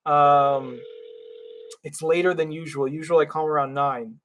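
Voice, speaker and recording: A man hosting a live call-in show as a disability attorney, talking in a rambling, excitable way with lots of fillers and restarts. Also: on the high side, normal speed, a crowd in the background. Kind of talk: livestream call-in talk.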